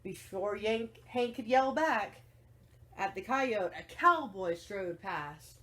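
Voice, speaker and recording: Teacher type, woman, unhurried and gentle storybook reader for kids. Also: medium pitch, expressive. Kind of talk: reading a picture book aloud to children.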